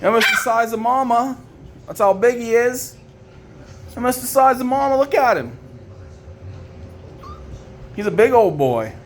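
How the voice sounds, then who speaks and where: A woman's voice: lively intonation, unhurried, pauses often, a little hiss or hum. Woman cooing baby talk at puppies. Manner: swoops into high baby talk when calling the puppies; fond, chatty, teasing the pups. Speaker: dog breeder filming her puppies. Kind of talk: casual running commentary while filming.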